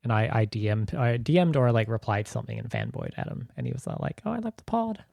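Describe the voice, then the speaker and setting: Podcast host guy, gravelly, rambling and giggly, dry close sound. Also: on the low side, fast talker, a little mellow, no room sound. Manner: rambling, giggly, full of fillers and restarts. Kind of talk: casual podcast chat.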